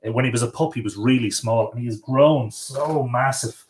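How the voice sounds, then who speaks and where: A man's voice: mid-range voice, normal speed, a little hiss or hum. Chatty Irish man on a home livestream. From Ireland. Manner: rambling, chatty, coaxing his dog in a sing-song voice. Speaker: livestream host. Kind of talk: casual livestream chat.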